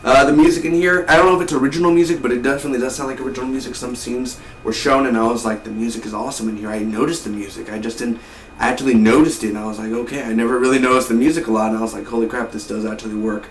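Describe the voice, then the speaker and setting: A man reviews a film casually, rambling and enthusiastic, with an ordinary mid-range pitch. He sits some distance from the mic in a roomy space. Faint noise hums underneath. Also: fairly even intonation, rapid-fire. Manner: rambling, repeats words, enthusiastic. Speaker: movie reviewer.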